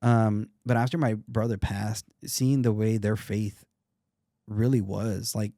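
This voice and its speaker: A man in his thirties talks in an earnest, reflective way as a podcast guest. He often stops and restarts his sentences. His voice is mellow and dark, recorded close and dry. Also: on the low side, level tone, unhurried, no room sound. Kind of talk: casual interview talk.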